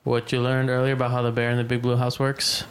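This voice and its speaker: A young man chatting casually with his family, rambling and halting as he jokes. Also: mid-range voice, monotone, clean tone. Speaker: son.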